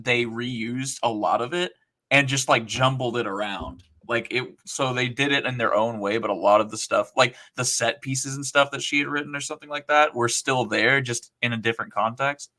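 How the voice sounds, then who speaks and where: Bright-voiced, enthusiastic male podcast guest. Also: mid-range voice, normal speed. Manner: enthusiastic, chatty storytelling. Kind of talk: casual podcast chat.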